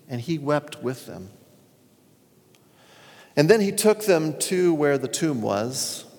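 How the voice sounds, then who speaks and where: A man preaching a sermon as a pastor, retelling scripture stories in an earnest way. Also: medium pitch. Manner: earnest storytelling, reads scripture aloud. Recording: long reverb of a hall.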